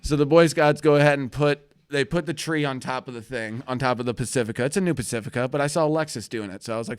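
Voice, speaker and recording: A man's voice: on the high side, quick pace, clear, resonant tone. A man hosting a live internet show, telling a rambling, profane, self-mocking story. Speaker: host.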